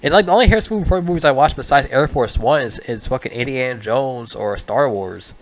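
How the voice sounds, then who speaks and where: A man's voice: mid-range voice, a little fast. A man giving a casual spoken movie review, rambling, swearing often and stumbling over his words.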